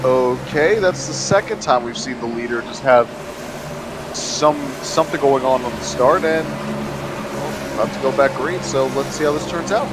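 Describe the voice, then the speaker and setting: A man co-commentating a sim race with joking banter and lively race calls. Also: mid-range voice, normal speed, background noise. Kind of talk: casual sim-racing commentary.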